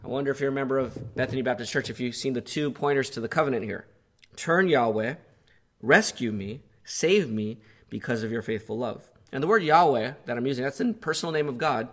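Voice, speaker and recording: A male pastor preaching an earnest sermon, growing impassioned as he voices the psalmist's pleas. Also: medium pitch.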